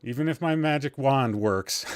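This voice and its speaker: A man's voice: mid-range voice, a little slow, clear, resonant tone, dry recording. Rambling, loopy male gaming-stream host. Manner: rambling, jokey, self-deprecating, swears casually. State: tired, a bit loopy. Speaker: podcast host. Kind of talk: casual gaming livestream chat.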